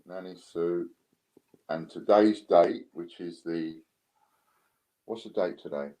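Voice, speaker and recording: A British man hosting a casual live stream, relaxed as he counts down bids. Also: low voice, slow, low-quality recording. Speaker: live stream host running coin auctions.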